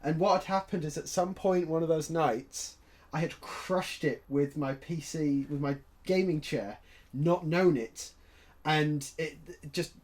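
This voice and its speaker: A man's voice: fairly high pitch, measured pace, darkish tone. A young man, a podcast co-host, telling a story in casual chat with lots of filler words. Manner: chatty, full of "like" fillers.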